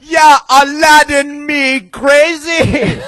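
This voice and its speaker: A man in the show's band putting on a crude, shouty fake Jamaican character. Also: very high-pitched, flat delivery, very slow, exaggerated voice. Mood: crude shouting. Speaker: band member.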